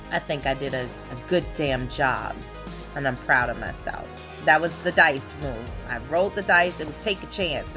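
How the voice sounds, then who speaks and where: A woman, hosting a casual solo podcast in a brash, profane, animated way with sudden loud outbursts. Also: low-pitched. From Baltimore area, USA. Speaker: podcast host.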